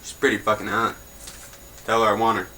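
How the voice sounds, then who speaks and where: Bright-voiced young man joking through news. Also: lowish voice, flat delivery, a little fast, slight background noise, low-quality recording. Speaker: host of a homemade news show. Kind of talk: casual mock newscast.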